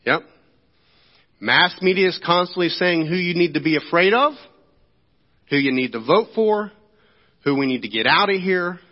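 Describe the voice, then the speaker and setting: A man preaches as a pastor in a church sanctuary, speaking conversationally and frequently checking in with his congregation. His voice sits high, moves at a normal speed, and pauses often. The recording has the echo of a church hall and a dull, lo-fi quality.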